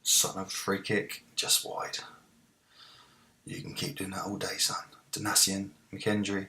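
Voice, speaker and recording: A man hosting a football management game playthrough, talking it through in casual commentary and cheering loudly at goals. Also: sits low, completely flat delivery, measured pace. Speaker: let's play host.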